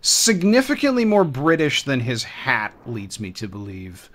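Male co-host, deadpan quips, casual let's-play chat. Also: mid-range voice, a little slow, slight background noise. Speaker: podcast co-host.

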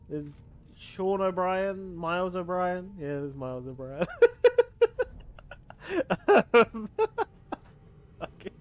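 A man's voice: high-pitched, very animated, drawn-out words, long pauses, no echo. Chatty, swearing male game streamer. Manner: chatty, swears casually, laughs often. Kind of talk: casual gaming stream chat.

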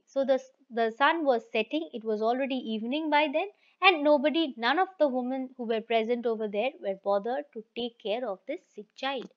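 A woman's voice: on the high side, moderate pace, hardly any pauses. Brief: woman teacher reading a story and paraphrasing it plainly, muffled recording. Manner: reads a passage, then restates it in simple words. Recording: dull lo-fi recording.

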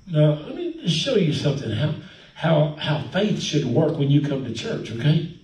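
A high-pitched man preaches a folksy, animated sermon, dropping in hallelujahs and amens. His voice rings through an echoey church sanctuary, picked up from a distance. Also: measured pace. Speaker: pastor.

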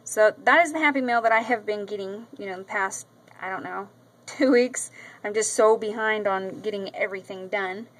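At a normal speed and medium pitch, a fairly bright-toned woman talks about craft mail in a casual show-and-tell vlog. The camera mic gives a rough recording. She gushes often, fills her talk with ums and repeats, and is an adult with a daughter.

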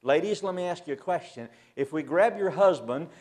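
Preacher swinging from loud to hushed. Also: male voice, on the high side, animated, fairly quick. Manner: dynamic, swings from loud emphasis to hushed near-whisper. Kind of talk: sermon. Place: church assembly.

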